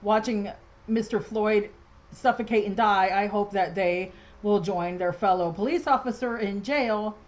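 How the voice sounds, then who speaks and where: A woman's voice: mid-range voice, unhurried, rough recording. A woman ranting in a casual home vlog from her dining room, agitated and rambling, with many restarts and fillers. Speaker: vlogger.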